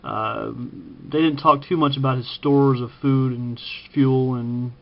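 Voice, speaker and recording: Halting casual man from Kansas, lo-fi. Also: mid-range voice, steady tone, vocal fry, heavy background noise. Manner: halting, frequent ums and uhs, self-correcting. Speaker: vlogger ranking TV preppers. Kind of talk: casual spoken commentary.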